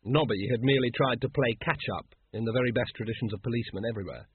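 A man's voice: mid-range voice, fast talker, breathy edge. A man reading a comic fantasy story aloud, with a dry, wry narrating manner. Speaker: audiobook narrator. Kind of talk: scripted narration. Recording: phone-like narrow band.

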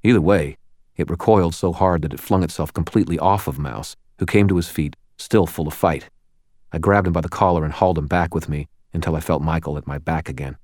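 A man reading a first-person audiobook in a steady, measured narration style. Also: a bass voice, no echo, studio quality.

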